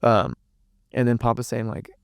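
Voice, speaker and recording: A man's voice: medium pitch, fairly even intonation, normal speed, creaky, clean tone, dry recording, clean studio sound. A young man, telling a painful family story as a podcast guest in a rambling, emotional way, with many restarts and curse words. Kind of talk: candid personal storytelling.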